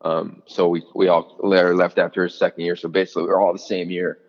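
A man's voice: low voice, fast talker, in a large hall, lo-fi sound. A man in his forties, a former player and coach, telling stories in an interview, full of fillers and restarts and acting out quotes. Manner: animated storyteller, many fillers and restarts, acts out quotes. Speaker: college football analyst, former player and coach. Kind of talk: podcast interview, storytelling.

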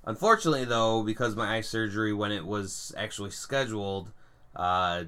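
A young man co-hosting a podcast, chatting casually and telling animated stories with puns. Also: lowish voice, fairly quick, clean tone. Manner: animated storyteller, puns, laughs at own jokes. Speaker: podcast co-host. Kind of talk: casual chat.

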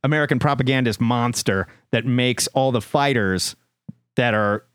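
A man's voice: mid-range voice, normal speed, fairly bright tone, clear, resonant tone, no echo, studio quality. A man co-hosting a comic book podcast, chatting with enthusiasm and hyping his picks. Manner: enthusiastic, hyped announcer bursts. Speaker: podcast co-host.

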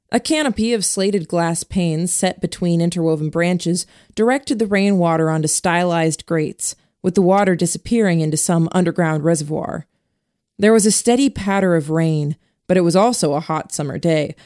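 Woman reading a book chapter aloud, lowish voice, steady even telling. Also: dry recording, clean studio sound. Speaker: audiobook narrator. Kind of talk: scripted narration.

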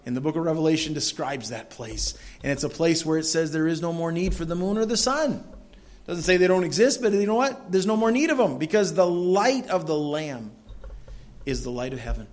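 Earnest preaching pastor, fairly high voice. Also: male voice, lively intonation, fairly quick. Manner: earnest preaching, rising loud on scripture readings. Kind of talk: sermon. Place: church.

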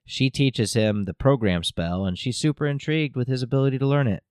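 A podcast host casually recapping a show episode in a rambling, jokey way, with lots of fillers. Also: male voice, mid-range voice, brisk, a little mellow, smooth, no echo, clean studio sound.

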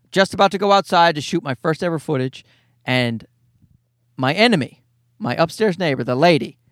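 Comedian in his forties, podcast host, lively swearing storyteller, bouncy high voice, dry close mic. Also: no echo. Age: 40s. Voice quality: animated, profane storytelling. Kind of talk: casual solo podcast monologue.

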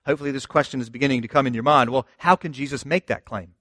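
A man preaches a sermon in a loose, conversational way, pressing his points with emphasis and rhetorical questions. His voice sits at a middling pitch and is recorded dry and close, with little sound of the room. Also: very fast, a bit bright, dry recording. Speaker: pastor.

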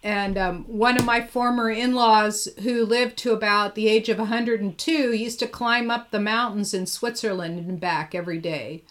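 A woman's voice: medium pitch, steady tone, normal speed, hardly any pauses. A woman hosting a casual live interview, chatty and enthusiastic, often laughing. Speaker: host.

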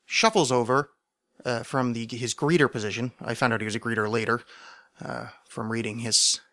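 A man hosting a podcast, telling a comic story in a sardonic, self-mocking way, with mumbled asides and loud animated bursts. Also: mid-range voice, dry recording, studio quality. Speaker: podcast host. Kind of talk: comedic storytelling monologue.

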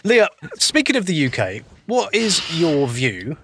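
A man's voice: a little high, huge pitch swings, a little slow, sharp tone, breathy edge. A man co-hosting a podcast, bantering with his co-host and joking with self-deprecating humor. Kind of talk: casual podcast chat.

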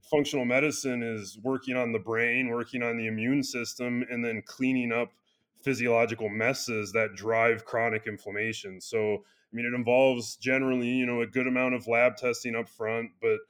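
Bright-voiced man, earnest and rambling. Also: mid-range voice, little pitch movement, normal speed, smooth. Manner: earnest, speaks in loose restarts with many "you know" fillers. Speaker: chiropractor and clinic founder. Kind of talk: casual interview conversation.

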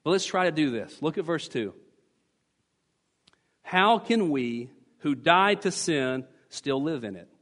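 A man's voice: fairly high pitch, lively intonation, takes it slowly, pauses often, fairly bright tone. A man preaching a sermon as pastor, emphatic and teaching, repeating key phrases to drive points home. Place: church sanctuary. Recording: long church reverb.

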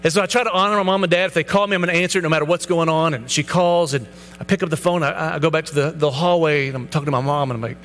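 A man's voice: a little high, fairly even intonation, very fast, fairly bright tone. A man in his thirties, a pastor giving a personal testimony sermon, telling his story earnestly and acting out the dialogue. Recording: hall reverb, faint hum.

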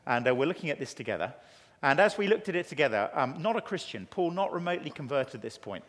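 A man with an English accent preaching a conference sermon, telling stories and acting out quotes in an animated way. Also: fairly high pitch, quick pace. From England. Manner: animated, storytelling with acted quotes. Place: large conference hall. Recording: long hall reverb.

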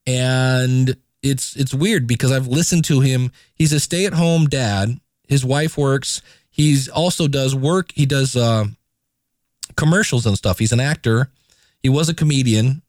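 A man hosting a solo podcast in a chatty, animated way, with an everyday mid-range voice. His voice sounds close and dry, with no room echo. He moves quickly between stories and advice. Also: medium pitch. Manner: chatty, animated, playful asides. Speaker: podcast host. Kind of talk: casual solo podcast talk.

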